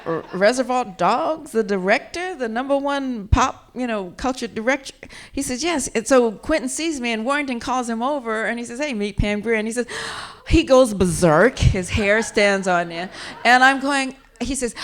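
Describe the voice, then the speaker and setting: Animated woman telling lively stories. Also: a little high, normal speed. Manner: animated, laughing anecdotes with repeated restarts. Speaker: actress and author being interviewed. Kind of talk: casual interview storytelling. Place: live event at a museum.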